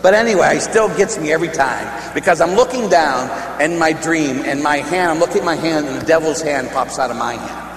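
Priest guy from pittsburgh telling a story in his sermon, animated and funny, kinda high voice, big echoey hall w/ a hum. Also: brisk. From Pittsburgh, United States. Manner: animated, humorous, dramatic storytelling.

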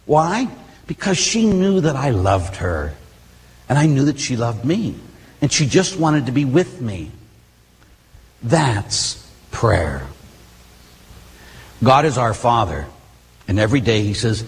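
A middle-aged man, a Catholic priest, preaching a sermon with animated storytelling and casual asides. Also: medium pitch, unhurried, slightly rough. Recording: long hall reverb.

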